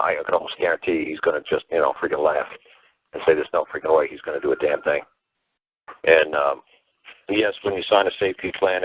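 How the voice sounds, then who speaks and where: A man's voice: low-pitched, breathy edge, dry recording. A man calling in to a talk show, blunt and emphatic, repeating his points over a phone line. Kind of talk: call-in talk show rant. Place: on a phone call.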